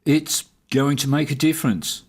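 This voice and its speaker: A man's voice: on the high side, fairly even intonation, normal speed, very noisy. A man giving sarcastic, mocking commentary over video footage. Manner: sardonic, mocking.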